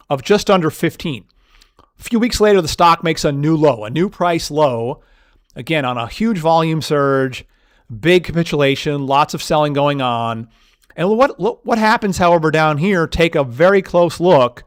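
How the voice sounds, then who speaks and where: A man teaching stock market technical analysis, walking through charts and piling up vivid words for emphasis. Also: on the high side. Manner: emphatic, piles up vivid synonyms. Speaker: market educator. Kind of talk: chart walkthrough lesson.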